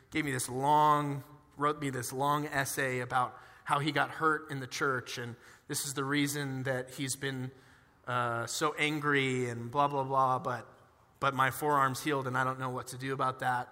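Bright-voiced young man preaching in a reverberant hall. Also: fairly high pitch, moderate pace. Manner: animated, conversational, acts out dialogue in his stories. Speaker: pastor. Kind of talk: sermon with personal storytelling.

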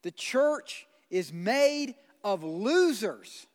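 A man preaching a sermon as pastor, blunt and conversational, swinging from loud pleading to quiet. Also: high voice, very animated, extremely slow. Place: church sanctuary. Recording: long hall reverb.

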